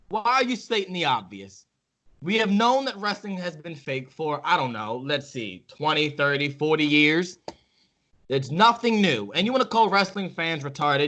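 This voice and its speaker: A man with a bright, tense voice hosts a podcast and rants with heated, profane force. His pitch sits a little high for a man. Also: sing-song, normal speed. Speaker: podcast host. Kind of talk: casual podcast chat.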